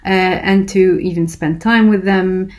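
A woman's voice: fairly low pitch, steady tone, unhurried. A woman lecturer explaining a research method, talking hesitantly with many fillers and restarts. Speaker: university lecturer. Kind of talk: recorded lecture.

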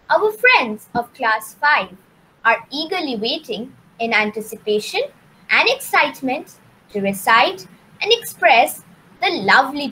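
Lively woman compering a school event. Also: sits high, a little hiss or hum, low-quality recording. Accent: Indian English. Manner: warm formal announcing with lively intonation. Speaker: event host introducing contestants.

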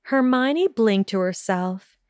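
A woman narrating a fan audiobook in a measured, even storytelling manner on a close mic. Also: medium pitch, no echo. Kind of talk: scripted narration.

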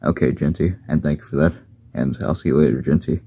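A gentle little blue engine, voiced by a man in a very deep, husky, mellow voice, earnest and a bit troubled. The sound is dry and close, on a dull lo-fi recording. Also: fast, dry recording, heavily acted. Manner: soft-spoken, troubled, earnest. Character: small blue miniature male engine, gentle.

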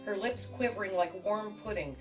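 A woman hosting a cooking show, narrating a spoof romance and explaining a recipe with a deadpan, tongue-in-cheek manner. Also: mid-range voice, normal speed. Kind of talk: mock-dramatic romance narration and cooking demonstration. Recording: distant mic with music behind.

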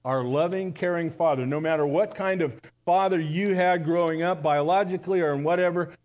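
Chatty, fairly high-voiced male pastor. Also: darkish tone. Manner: conversational with jokes and halting restarts. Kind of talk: live sermon. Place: church service.

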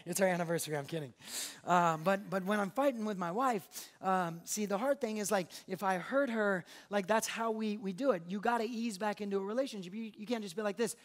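A man's voice: high voice, a little fast. A young adult man preaching a sermon to a church crowd in a chatty, joking way, often acting out little bits of dialogue. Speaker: pastor.

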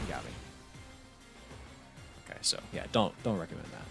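A man giving casual, profane and excitable commentary while streaming a video game, often restarting his sentences. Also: deep voice, normal speed, vocal fry, faint music behind. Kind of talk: casual let's-play commentary.

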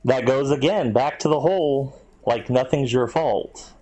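A man's voice: mid-range voice, measured pace, dark tone, rough recording. A man hosting a casual podcast debate, skeptical and argumentative. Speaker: podcast host.

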